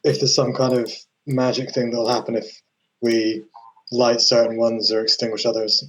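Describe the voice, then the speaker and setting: A man's voice: mid-range voice, little pitch movement, normal speed, fairly bright tone, slight background noise, poor audio. A man playing in a tabletop game, chatting in a laid-back, joking way and swearing casually. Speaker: player.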